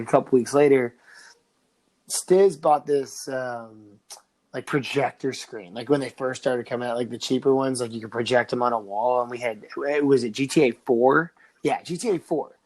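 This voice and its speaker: A young man rambles through a story on a casual podcast, stopping and restarting and padding his talk with fillers. He swears freely and keeps the delivery loose and conversational. His voice sits at an ordinary middle pitch. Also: moderate pace, darkish tone, low-quality recording. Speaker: podcast co-host.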